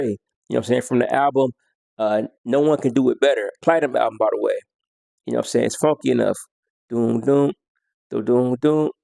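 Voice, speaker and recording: A man's voice: medium pitch, vocal fry, darkish tone, dry recording. A man counting down his favorite songs in a casual, slangy way, half-singing lyrics and beats as he goes. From United States. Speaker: music vlogger.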